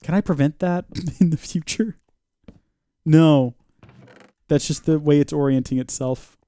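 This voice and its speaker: A chatty man streaming a game live, joking along and reading out viewer comments. His voice sits slightly high and is recorded dry and close. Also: a little slow, mellow, dry recording.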